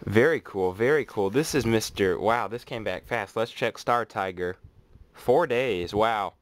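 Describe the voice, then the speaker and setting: Chatty excitable man, low voice. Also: measured pace, slight background noise. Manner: chatty, excitable, thinking aloud. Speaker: autograph collector vlogger. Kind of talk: casual unboxing vlog.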